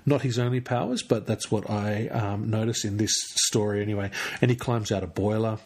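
A man's voice: lowish voice, fairly even intonation, brisk, a little mellow. A man hosting a solo podcast late at night, tired and rambling, stumbling over words and using many fillers. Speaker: podcast host. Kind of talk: solo casual podcast chat.

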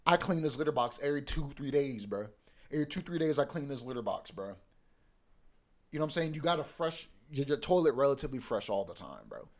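A man's voice: mid-range voice, big pitch swings, fast talker. A young man hosting a podcast in a casual, profane, ranting monologue that keeps coming back to "bro.". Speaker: podcast host.

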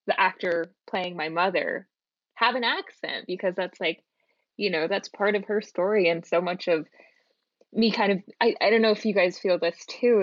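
A woman's voice: fairly low pitch, dry recording. A woman in casual podcast talk, speaking thoughtfully and earnestly. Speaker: podcast co-host. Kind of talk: casual chat. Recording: dull, dry sound.

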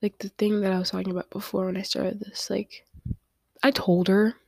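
A young woman hosting a podcast, talking through tears in a halting confessional monologue and often dropping to a whisper. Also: mid-range voice, little pitch movement, creaky, a little mellow, dry recording, clean studio sound. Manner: tearful, halting, many fillers, often drops to a whisper. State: crying. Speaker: podcast host.

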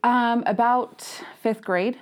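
A woman, a guest on a casual podcast chat, candid and quick to laugh and swear. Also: on the high side, steady tone, darkish tone. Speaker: podcast guest, ghost hunter.

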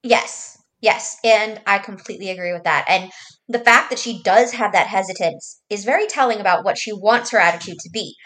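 A woman's voice: mid-range voice, fairly quick, a bit bright, low-quality recording. A woman co-hosting a casual movie podcast, recapping scenes step by step with fillers. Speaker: podcast co-host.

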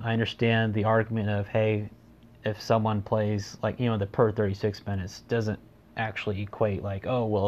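A man's voice: on the low side, darkish tone, muffled recording. A man hosting a solo sports podcast, talking casually and rambling, with dry sarcasm. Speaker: podcast host.

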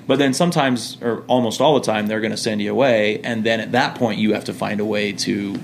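A young American man, a former missionary, telling lively stories in a casual podcast chat and acting out quoted voices. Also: on the low side, a little fast, creaky, slight background noise. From United States. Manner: animated storyteller, acts out quoted voices and laughs.

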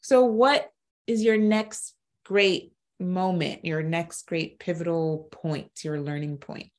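A woman's voice: fairly low pitch, fairly even intonation, a little mellow. A woman hosting a podcast, chatty and reactive in a casual conversation. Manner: chatty and reactive, quick asides and laughter. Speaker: podcast host.

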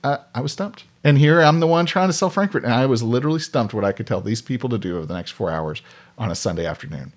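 A podcast guest with a mid-range male voice tells stories in casual conversation at a quick, animated pace. He acts out the voices of the people in his anecdotes.

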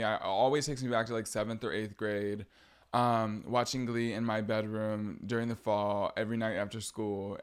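A young man hosting a casual solo podcast, chatty and gossipy with sarcastic jabs. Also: fairly low pitch. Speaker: podcast host.

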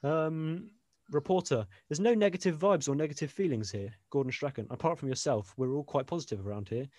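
A man's voice: a little high, fairly quick, a little mellow, no echo, clean studio sound. A young man co-hosting a casual podcast, reading funny sporting quotes aloud and laughing often. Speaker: podcast co-host.

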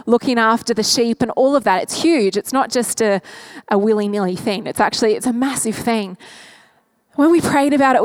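A woman's voice: a little high, no room sound. A woman pastor leading prayer and then preaching, talking earnestly and candidly from the heart to her church. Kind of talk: church service prayer and sermon.

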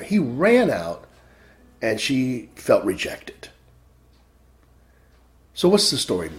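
Emphatic preacher man, lively pitch. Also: slow pace, pauses often. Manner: emphatic, repeats phrases, swings between loud stresses and quiet drops. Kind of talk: sermon.

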